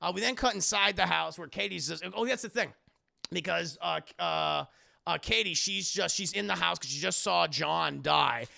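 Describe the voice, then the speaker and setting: A man's voice: on the high side, normal speed, vocal fry, sharp tone. A man streaming a live film recap, rambling and profane, often talking to his chat.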